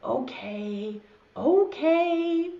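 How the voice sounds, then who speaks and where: A silly, fidgety little caterpillar boy, put on by a woman reading aloud, squeaking up high and swooping all over the place. He fires off pestering questions in a dull, echoey room. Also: expressive, drawn-out words, gravelly, full character voice. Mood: restless.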